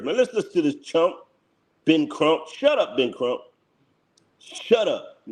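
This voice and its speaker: A man hosting his own channel, giving blunt, heated live reaction commentary that repeats its points and breaks into laughter. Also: on the high side. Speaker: channel host.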